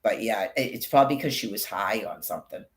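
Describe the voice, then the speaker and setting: A man's voice: fairly low pitch, lively intonation, fast. A man delivering an angry, rambling monologue, swearing constantly as he rants. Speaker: vlogger. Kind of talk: profane ranting monologue.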